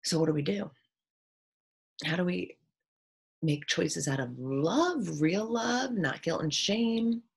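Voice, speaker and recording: A woman talking in a casual, reflective monologue, earnest in tone and acting out quoted voices with sudden jumps in pitch. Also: lively intonation, takes it slowly, vocal fry, long pauses, breathy edge. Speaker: teacher sharing opinions.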